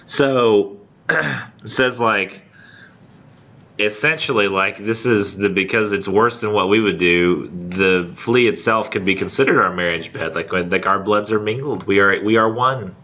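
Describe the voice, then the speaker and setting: A man teaching a college English class, reading poetry aloud and then paraphrasing it in a casual, animated way full of fillers. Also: fairly low pitch, measured pace, highs cut off.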